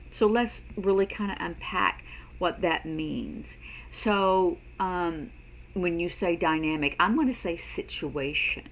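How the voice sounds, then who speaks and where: A woman teaching a sign language lesson in a casual spoken style, unhurried and repeating words as she demonstrates signs. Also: fairly low pitch, a bit bright, slight background noise, poor audio.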